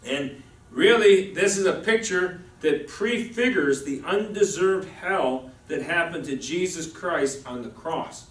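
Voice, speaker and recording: A man's voice: a little high, takes it slowly. A man preaching a sermon as pastor in a conversational, folksy way, with frequent asides to the congregation. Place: church. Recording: echoey room, voice from a distance.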